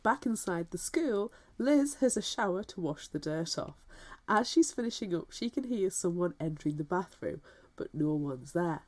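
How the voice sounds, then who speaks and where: Animated woman with a lively voice. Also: fairly low pitch, normal speed, hardly any pauses. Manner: animated, wry commentary. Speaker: podcast co-host. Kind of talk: casual book discussion chat.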